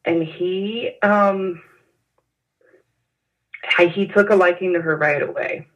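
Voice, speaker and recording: A woman recalling events in an interview, speaking haltingly with frequent pauses and fillers. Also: fairly low pitch. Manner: hesitant, halting with many fillers. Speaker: interview guest. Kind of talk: personal recollection in an interview. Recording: dull lo-fi sound.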